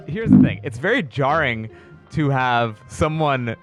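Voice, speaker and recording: A male comedian, appearing as a podcast guest, tells a story in casual chat at a measured pace, acting out other people's voices with big pitch jumps. Music plays in the background.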